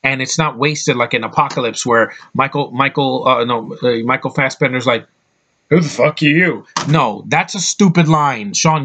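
A young man giving a casual, rambling movie review, excitable and full of fillers and swearing. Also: medium pitch, slight background noise.

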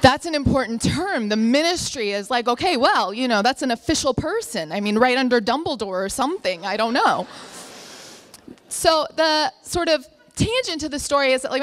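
Animated high-voiced woman telling a story. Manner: animated, acts out family members' voices. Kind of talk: live storytelling.

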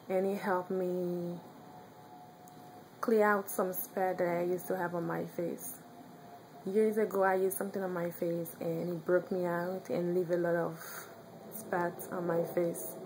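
Haitian accent girl talking to her camera, kinda low voice, a bit halting, light background hum. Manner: chatty, halting, searching for words. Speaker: vlogger. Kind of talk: casual chat.

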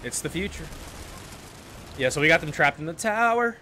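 A man chats casually over his gameplay in a slightly higher, bright and forceful voice. He jokes with himself and breaks into loud outbursts. A faint hiss sits under the recording. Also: animated, moderate pace. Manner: chatty, joking, loud outbursts. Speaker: gaming YouTuber.

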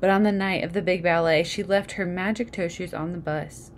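A woman's voice: lowish voice, fairly even intonation, fairly quick, slight background noise. A woman reading a children's picture book aloud, adding casual asides about the pictures. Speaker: storybook reader.

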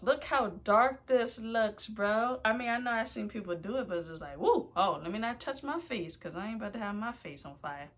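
Bright-voiced, excitable woman vlogger. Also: fairly high pitch. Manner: excitable, nervous, exclaims loudly. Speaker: YouTuber. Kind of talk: casual food challenge vlog.

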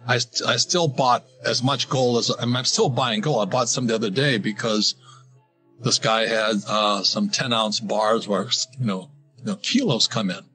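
Older man rambling about money, bright voice. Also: mid-range voice, moderate pace, slightly rough, faint music behind. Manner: rambling, restarts and laughs while telling anecdotes. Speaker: guest, financial author. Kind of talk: casual interview talk.

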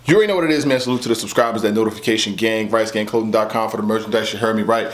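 A man's voice: lowish voice, very fast. Man, battle rap vlog host, casual commentary, easygoing, roomy echoey room. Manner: laid-back, conversational, repeats "you know what I'm saying".

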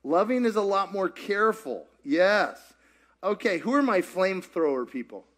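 A man's voice: sits high, very animated, normal speed, fairly bright tone. A man leading a church teaching session, playful and jokey, asking the audience questions and repeating their answers. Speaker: pastor leading a group discussion. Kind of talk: interactive teaching talk with audience.

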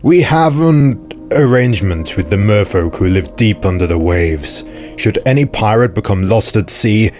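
A man voicing a wise, solemn old male ghost pirate lord in measured, old-fashioned speech. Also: on the low side, darkish tone.

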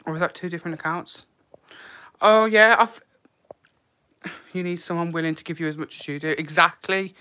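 Chatty man, bright voice. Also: a little high, fairly even intonation, moderate pace, long pauses, clear, resonant tone. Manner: chatty and emotional, heavy use of "like" and "literally". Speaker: live-stream host. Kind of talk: casual live-stream chat.

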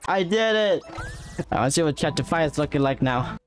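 A streamer giving excitable gaming commentary, yelping, shouting and hyping themselves up. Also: medium pitch, brisk, faint music behind. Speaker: streamer playing a platform game.

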